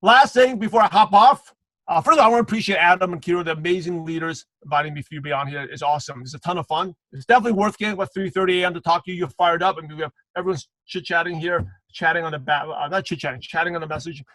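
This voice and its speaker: A man's voice: on the high side, racing, pushed and bright, dry recording, low-quality recording. A man giving a motivational sales training on a live video call, calling out viewers by name and repeating punchy slogans. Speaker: guest trainer.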